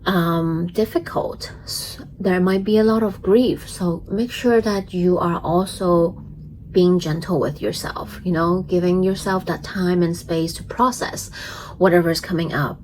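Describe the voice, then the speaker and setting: A woman astrologer talks through a tarot reading in an unhurried, lingering way, her voice sitting a little low. She sounds gentle and chatty, scattering fillers and small giggles through her explanations. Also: steady tone, slight background noise, low-quality recording. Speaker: astrologer and tarot reader, channel host.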